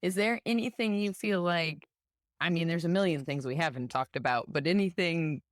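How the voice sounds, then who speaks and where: A woman's voice: fairly low pitch, moderate pace, dry recording, clean studio sound. A woman hosting a podcast interview, who thinks aloud and talks her way through long questions. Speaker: podcast host. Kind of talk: casual interview.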